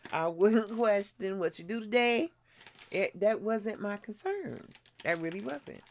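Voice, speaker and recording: A middle-aged woman hosting her own vlog channel tells a frank, blunt story while doing her skincare, chatting casually and laughing often. Her voice is lowish, with slight background noise.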